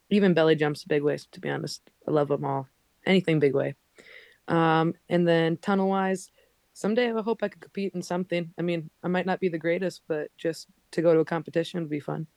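A woman's voice: low voice, steady tone, moderate pace, darkish tone, dry recording. A woman who works as a skydiving instructor, chatting casually as a podcast guest, laughing often and saying um and like. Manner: laughs often while telling stories, many "um" and "like".

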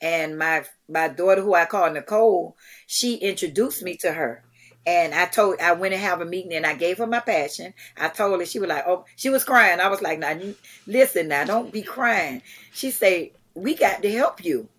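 Woman guest, middle-aged, lively storyteller who acts out each quote, casual interview chat. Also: on the low side, normal speed. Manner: animated, acts out quotes, many restarts. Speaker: guest, charity founder. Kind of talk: conversational storytelling.

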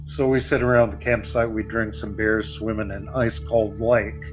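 A man's voice: lowish voice, flat delivery, normal speed, faint music behind. A man in his sixties from Florida, telling a personal story in a loose, conversational way with fillers. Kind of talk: casual storytelling. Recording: slightly muffled lo-fi audio.

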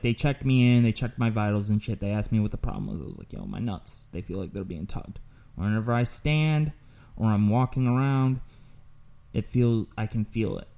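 Young guy cussing his way thru a story, mellow darkish voice, casual chat. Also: mid-range voice. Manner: profane, crude storytelling. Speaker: podcast host.

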